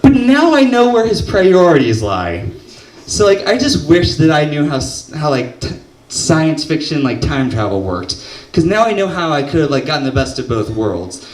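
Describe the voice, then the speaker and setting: A man's voice: a little high, normal speed, slight background noise. Young man telling a stand-up story. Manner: deadpan storyteller who shouts the punchlines. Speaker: stand-up comedian. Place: comedy club stage. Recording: roomy club audio from a distance. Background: audience laughter.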